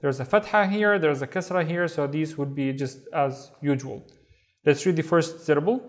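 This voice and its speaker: This beginner Arabic reading lesson comes from a Saudi-accented man whose voice is a little high and whose speed is normal. He works step by step, patiently pronouncing words and repeating them.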